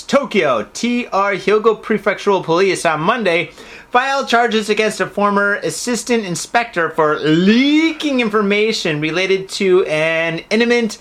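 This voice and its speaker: A man's voice: sits high, fairly bright tone. A man co-hosting a casual comedy podcast, tipsy from drinking, swearing a lot and joking in a rowdy way. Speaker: podcast co-host.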